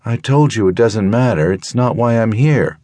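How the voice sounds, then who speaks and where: Man doing a quiet, guarded young woman. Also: lowish voice, normal speed, dry recording, voice pushed up, natural voice. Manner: quiet but firm, evasive.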